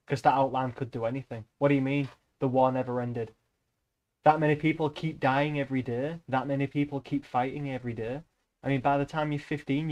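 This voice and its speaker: A young man chats casually to his stream viewers. He rambles and wanders off topic, drops swear words without a thought, and keeps his voice at an ordinary middle pitch. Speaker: livestreamer.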